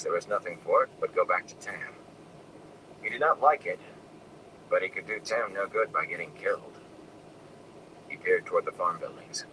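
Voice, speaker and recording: A man reading a novel aloud in a soft, hushed narration, sometimes dropping to a whisper. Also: deep voice. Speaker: audiobook reader. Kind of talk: scripted narration. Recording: distant mic with air conditioning noise.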